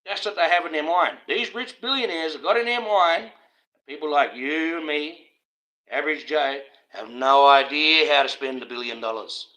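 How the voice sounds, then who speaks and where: A man's voice: fairly high pitch, moderate pace, pushed and bright, rough recording. An Australian man ranting on a live stream in a casual, profane, conspiratorial monologue, often breaking into laughter.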